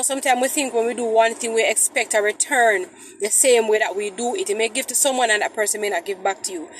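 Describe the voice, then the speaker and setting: A woman's voice: a little high, poor audio. A woman hosting a Christian vlog, talking chattily to viewers from her car in traffic. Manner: chatty, preachy, addresses viewers as guys. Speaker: vlog host. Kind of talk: casual Christian vlog talk.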